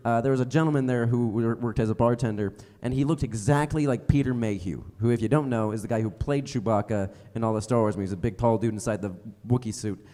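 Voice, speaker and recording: Rambling young comedian in a reverberant theater. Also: male voice, mid-range voice, quick pace, hardly any pauses, dark tone. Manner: rambling, self-mocking, with many fillers. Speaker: stand-up comedian. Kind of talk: stand-up comedy set. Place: theater stage before a live audience.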